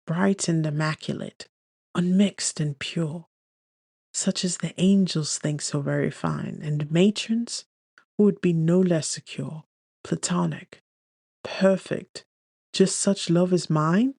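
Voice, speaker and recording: A man's voice: fairly high pitch, takes it slowly, creaky, darkish tone, husky, no room sound, clean studio sound, heavily acted. A man voicing a teasing young woman. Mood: mocking. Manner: teasing, argumentative banter. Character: playful teasing young woman, quick to laugh.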